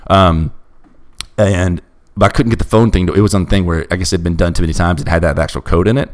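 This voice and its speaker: A man's voice: low-pitched, steady tone, fast. A young man telling a bizarre personal story in a casual chat, emphatic and restless. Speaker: storyteller guest.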